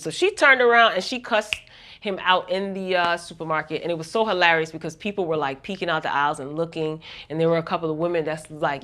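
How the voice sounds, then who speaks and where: A woman's voice: low-pitched, fast, bright, forceful tone. Chatty woman recapping a TV episode. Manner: chatty, gossipy, talks straight to viewers. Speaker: TV recap vlogger. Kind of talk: casual episode recap and commentary.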